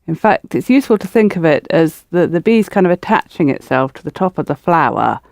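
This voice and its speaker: A woman's voice: low voice, animated, a little fast, creaky, a little mellow, no echo. Woman language tutor, patient step-by-step explainer, dry studio sound. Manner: explains step by step, coaxing learners to repeat. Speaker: language teacher. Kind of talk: patient spoken-method language lesson.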